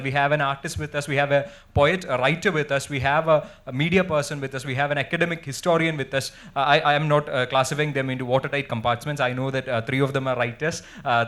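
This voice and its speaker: A man with an Indian English accent moderating a festival panel discussion on stage, formal and hesitant, pausing often as he builds his question. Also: on the high side, a bit bright. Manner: hesitant, many uh fillers, formal.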